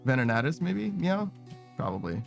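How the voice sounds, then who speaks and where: A man's voice: medium pitch, lively intonation, faint music behind. Laid-back streamer man saying "meow" constantly. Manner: tacks a quick "meow" onto nearly every phrase; rambling, laid-back, swears casually. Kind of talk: casual gaming stream chat.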